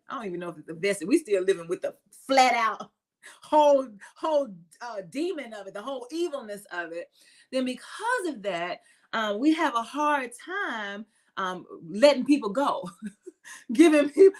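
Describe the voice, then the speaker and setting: A reverend from the United States hosting a spiritual talk show, speaking emphatically in repeated lists and laughing often. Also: female voice, mid-range voice. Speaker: reverend and podcast host.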